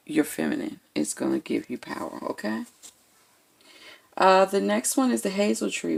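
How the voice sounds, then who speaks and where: A woman's voice: lowish voice, gravelly, darkish tone. A woman giving a casual, blunt tarot reading to her viewers, checking in with "okay?" after nearly every point. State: has the hiccups. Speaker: tarot reader.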